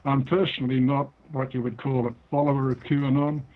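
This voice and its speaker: An older man with a New Zealand accent speaks in a deliberate, explaining way, as a guest being interviewed. His voice sits at an ordinary pitch for a man. It comes through a narrow, tinny phone line. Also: flat delivery. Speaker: guest author.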